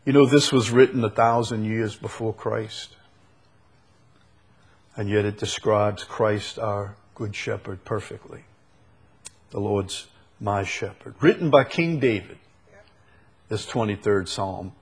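A man preaching a sermon, slow and emphatic, repeating key phrases for weight. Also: on the low side, husky. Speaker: pastor.

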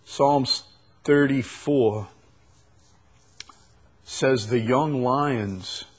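Slow, emphatic preacher, man. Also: medium pitch. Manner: emphatic, swings from loud proclaiming to quiet intensity; repeats phrases for emphasis. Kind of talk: sermon.

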